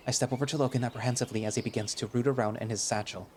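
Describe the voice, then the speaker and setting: A man narrates a first-person audio story with wry, expressive delivery. His voice sits in a middle range. Faint outdoor ambience with birds stays low behind him. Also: very fast, a little hiss or hum. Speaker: narrator and lead voice.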